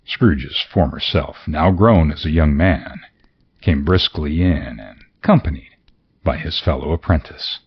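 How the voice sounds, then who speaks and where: A man reading a classic story aloud as narrator, in an expressive, theatrical manner. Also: very deep voice, unhurried, breathy edge, lo-fi sound. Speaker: audiobook narrator. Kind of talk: scripted narration.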